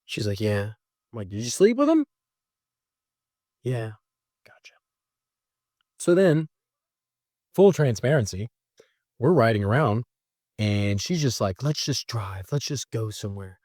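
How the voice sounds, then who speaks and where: A man telling a personal story in a casual, animated way, mocking himself and jumping high when exasperated. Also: unhurried, pauses often, dry recording, studio quality. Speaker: storyteller recounting a breakup.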